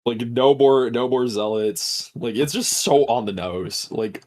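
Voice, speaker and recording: A man's voice: medium pitch, unhurried, a little mellow. Casual swearing male podcast host. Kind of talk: casual movie recap.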